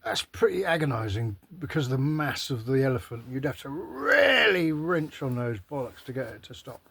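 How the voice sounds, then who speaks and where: A man talks straight to his camera, rambling from one joke to the next with plenty of swearing and self-mockery. His voice is husky and a little breathy, and the recording is dry and close, with no room sound. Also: medium pitch, sing-song, moderate pace, fairly bright tone, no echo. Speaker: vlogger. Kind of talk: rambling casual monologue to camera.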